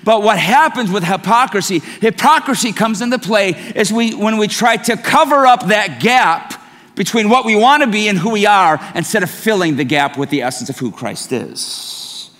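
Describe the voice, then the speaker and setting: With a fairly bright, high-pitched voice, lively intonation and a moderate pace, this middle-aged man preaches as pastor. He relates stories casually and at his own expense, and the church sanctuary lends a long reverb.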